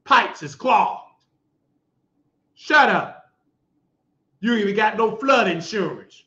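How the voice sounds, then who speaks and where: A man hosting his own show, ranting in a preachy, scolding monologue with shouted outbursts. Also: sits high, expressive, slow. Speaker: show host. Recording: dull lo-fi sound in an echoey room.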